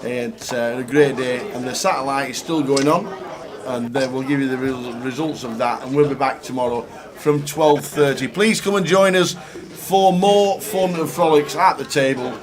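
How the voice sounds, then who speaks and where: A man's voice: mid-range voice, moderate pace. A man commentating a poker live stream, upbeat and chatty, wrapping up the day's results. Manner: upbeat, chatty, wraps up with thanks. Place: poker room at a live event. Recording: noisy crowd behind.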